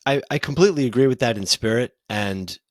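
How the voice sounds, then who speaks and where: A man's voice: mid-range voice, no room sound. A man co-hosting a podcast who reads out news items and then discusses them casually. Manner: brisk news-read turning into casual banter. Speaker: podcast co-host.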